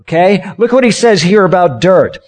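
A pastor with a high, animated voice and darkish tone delivers a sermon at a moderate pace. Conversational throughout, he asks the congregation questions and has them act out gestures with their hands.

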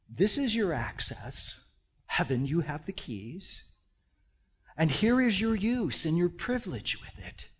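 A man with a high voice preaching a sermon at a slow, deliberate pace. He drops to hushed near-whispers, then rises to loud, impassioned declarations, stretching out the words he wants to land. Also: husky, dull audio. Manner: slow, drawn-out emphasis on key words. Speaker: pastor.

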